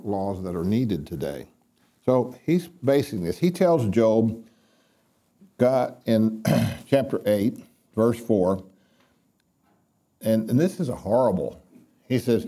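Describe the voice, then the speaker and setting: A man gives a casual Bible teaching before a live audience, reading scripture aloud and then explaining it in plain words. His voice is very dark and mellow, and he speaks at an unhurried, deliberate pace, with ums and restarts along the way. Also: lowish voice.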